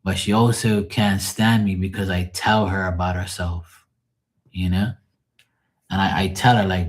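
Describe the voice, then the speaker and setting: A man's voice: low-pitched, little pitch movement, measured pace. A middle-aged man venting on a live call in a profane, rambling, exasperated way. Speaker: caller on a live tarot stream. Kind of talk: casual venting.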